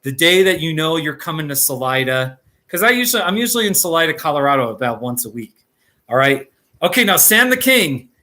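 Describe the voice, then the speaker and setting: A man's voice: fairly high pitch, very animated, a little fast, sharp tone. A man hosting a live stream in casual chat, rambling and jokey, laughing often and restarting his sentences.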